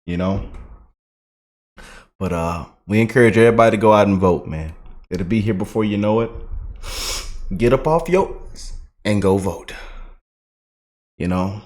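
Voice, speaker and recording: A man's voice: lowish voice, a little slow, pauses often, a little mellow. A man hosting casual political commentary, folksy, laughing and calling his audience y'all. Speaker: commentary channel host.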